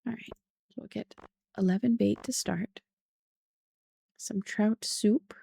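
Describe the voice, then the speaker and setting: A woman giving soft, playful, unhurried commentary while playing a relaxing game. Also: medium pitch, fairly even intonation, creaky, slightly rough, no echo, clean studio sound. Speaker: gaming channel host. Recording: game music underneath.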